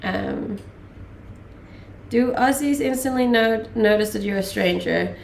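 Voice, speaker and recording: A Danish woman in her late twenties talks casually on her live stream, her English carrying a blend of accents. Her voice has some fry and a gravelly edge, and it sits in an echoey room. She chats loosely, full of ums and small laughs. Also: a little high, a little slow, slight background noise. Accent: Danish with mixed English accents. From Denmark. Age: late 20s. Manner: chatty, many ums and laughs. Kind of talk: casual chat reading live chat.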